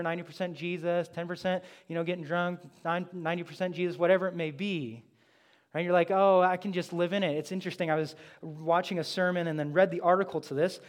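A man's voice: sits high, little pitch movement, fast. A man preaching a sermon in a conversational, emphatic way, often slipping into quoted asides. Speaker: pastor.

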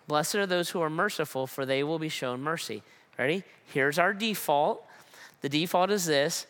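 A man's voice: fairly high pitch, normal speed, a bit bright. A man preaching a sermon with emphatic repetition and rhetorical questions. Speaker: pastor.

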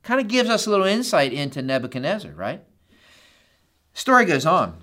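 A man preaching a sermon in a high, lively voice. He tells the story with animation and acts out each quoted line. He checks in with the congregation with a frequent "right?". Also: a little fast. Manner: asks the listeners "right?" often. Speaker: pastor.

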